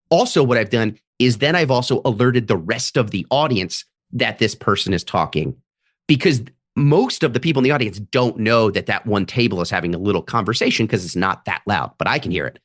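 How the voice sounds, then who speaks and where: A man's voice: mid-range voice, a little fast, no echo, clean studio sound. A man, a comedian guest on a podcast, telling stories in casual chat and acting out other people's lines as he goes. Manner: animated, acts out audience members' voices in quotes.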